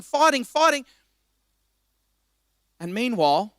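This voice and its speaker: A male pastor preaching a passionate sermon, swinging between quiet reflection and loud exhortation. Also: very high-pitched, big pitch swings, normal speed, pauses often, dry recording, studio quality. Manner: impassioned, rising to loud exhortation.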